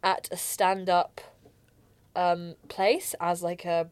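A woman's voice: on the low side, flat delivery, slow pace, darkish tone, smooth, dry recording. Young woman, rambling podcast host. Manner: rambling, laughing storyteller with many fillers. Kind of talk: casual chat.

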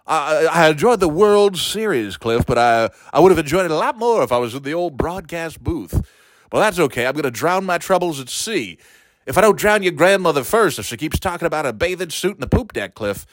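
A man's voice: fairly high pitch, animated, fairly quick, no echo, lightly acted. A man playing a crude, bitter old uncle who used to announce baseball. He rambles, stammers and curses in an improvised comic monologue.

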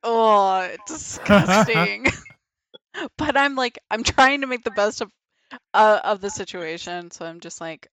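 A woman's voice: medium pitch, measured pace, fairly bright tone, dry recording. A young woman casually telling a frank, laughing story on a podcast, swearing freely and acting out her own reactions. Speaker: guest.

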